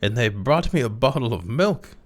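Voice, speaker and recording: A man's voice: lively intonation, moderate pace, lightly acted. A man reading aloud voices a querulous old man, newborn in body but seventy in age, with a cracked, ancient, whining voice. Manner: complaining, shrill when protesting.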